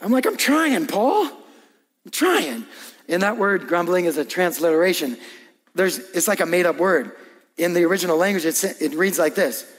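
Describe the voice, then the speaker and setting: A man's voice: sits high, fairly quick, big-room sound. A man preaching a sermon as pastor, talking to the congregation in a conversational way and acting out inner voices.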